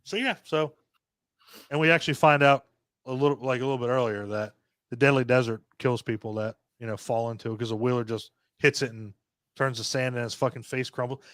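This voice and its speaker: A man co-hosting a podcast, giving a casual movie review in a heavily profane, animated rant and mocking the characters as he goes. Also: mid-range voice, fairly quick, no echo, clean studio sound. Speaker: podcast co-host reviewing a film.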